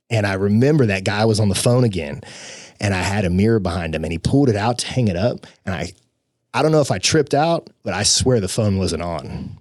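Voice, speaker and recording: Young man, low dry voice, animated storyteller acting out quotes. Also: a little fast, no echo. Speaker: podcast guest. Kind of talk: casual storytelling.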